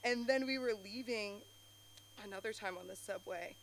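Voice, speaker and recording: A woman comic tells rambling stories at an open mic, breathless and full of "like." Her voice is bright and edged, and she speaks into a handheld stage mic. A faint hum runs underneath. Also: mid-range voice, moderate pace. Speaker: stand-up comic. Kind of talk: open-mic stand-up comedy. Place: comedy club stage. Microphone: handheld stage microphone.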